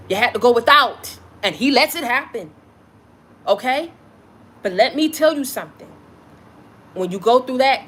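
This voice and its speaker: A woman's voice: mid-range voice, fairly bright tone, a little hiss or hum. A woman delivering an impassioned spiritual message to her viewers, blunt and profane, repeating lines for emphasis. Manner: preachy, repetitive, blunt and profane. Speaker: spiritual content creator.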